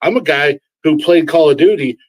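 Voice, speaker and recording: A man hosting a casual live-stream interview, excitable and stammering through restarts, swearing freely. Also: on the high side, normal speed, no room sound, low-quality recording. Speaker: host.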